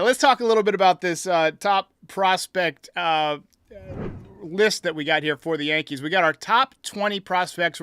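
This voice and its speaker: A man hosting a sports podcast, talking in an energetic, upbeat way and laughing easily. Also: high voice, clean tone, no room sound, clean studio sound. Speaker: podcast host. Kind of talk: casual sports podcast talk.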